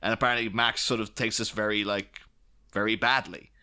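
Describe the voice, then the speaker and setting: A man's voice: fairly low pitch, steady tone, brisk, sharp tone, clear, resonant tone. A man hosting a podcast, chatting casually and quoting film scenes with lots of laughter. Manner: chatty, quotes scenes in character, laughs a lot. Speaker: podcast host. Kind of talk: casual chat.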